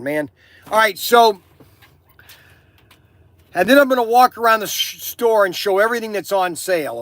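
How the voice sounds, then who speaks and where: Inside his store, an older man who owns a toy shop and hosts a channel talks to camera in a rambling, opinionated monologue, laughing often and restarting sentences. His voice sits high and sounds sharp, recorded dry.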